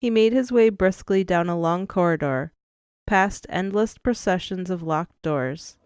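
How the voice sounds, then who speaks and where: A woman narrating an audiobook in a measured, expressive storytelling manner, close to the mic. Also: lowish voice, smooth, no echo. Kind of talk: scripted narration.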